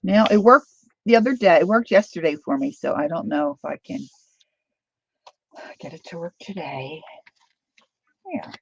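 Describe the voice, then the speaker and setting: Crafting vlogger, female, gravelly voice, dry dull-sounding close mic, chatty thinking aloud. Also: fairly low pitch, moderate pace, pauses often, dry recording. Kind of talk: casual demo chat while crafting.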